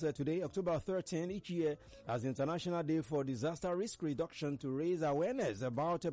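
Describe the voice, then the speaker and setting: A man's voice: on the high side, warm tone. A Nigerian man hosting a casual current-affairs talk show, chatty, laughing as he tells stories. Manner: chatty, laughs while telling stories, mimics others.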